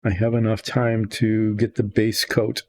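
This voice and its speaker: This older host of a miniature painting video has a lowish, darkish voice, a flat delivery and a measured pace. As he paints, he rambles casually, thinking aloud and being self-deprecating.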